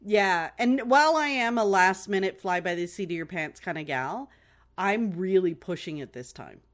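A woman's voice: lowish voice, animated, moderate pace. A woman co-hosting a podcast in casual chat, chatty and self-mocking, laughing easily. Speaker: podcast co-host.

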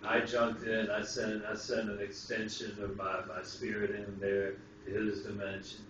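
A man's voice: fairly low pitch, moderate pace. A man co-hosting a casual spiritual talk show, telling an experience at length and acting out the voices he quotes. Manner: animated storyteller, acts out quoted voices. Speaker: co-host. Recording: distant, roomy, dull lo-fi sound with hiss.

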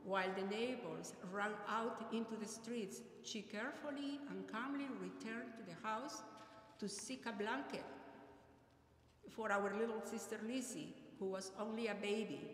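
A middle-aged woman from Peru, delivering an earnest, measured memorial eulogy. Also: mid-range voice. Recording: echoey hall with long reverb, faint ambient noise.

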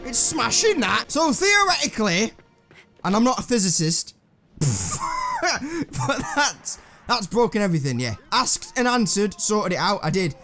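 A man's voice: extremely high pitch, wildly swooping pitch, a little slow, vocal fry, over music. A young man commentating on a puzzle game, talking to himself and the characters, swearing and mocking himself. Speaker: gameplay commentator. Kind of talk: casual let's-play commentary.

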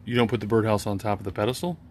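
A man's voice: fairly low pitch, steady tone, racing. A man co-hosting an unboxing video, joking and teasing his partner as they guess what the items are. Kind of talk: casual unboxing chat. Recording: noisy home recording.

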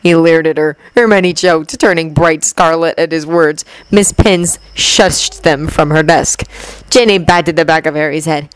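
A woman narrating a fan fiction audiobook in a steady storytelling manner. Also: low voice, a little slow, smooth, no echo, rough recording.

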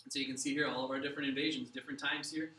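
A man's voice: mid-range voice, flat delivery, very fast, sharp tone, echoey room, far from the mic, rough recording. A man teaching a geography lesson over slides, casual and chatty with many restarts. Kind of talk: classroom lecture over slides.

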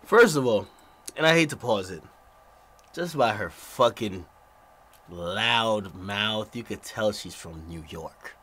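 A man streaming a reaction video, ranting profanely with loud asides. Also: on the low side, animated, takes it slowly, a little hiss or hum.

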